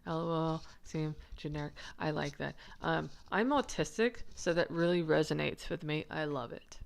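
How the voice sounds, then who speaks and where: A manuscript researcher with a deep voice and vocal fry presents her findings at a normal pace in a casual, chatty lesson. She's giggly and rambling, and she pauses to answer viewer comments.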